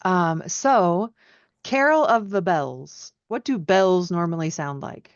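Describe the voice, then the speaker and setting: A woman's voice: on the low side, animated, slow pace, clear, resonant tone, dry recording. A woman teaching piano, giving friendly feedback and singing phrases out in syllables to show how they go. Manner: encouraging, sings melodies out in syllables. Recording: dry, dull lo-fi sound.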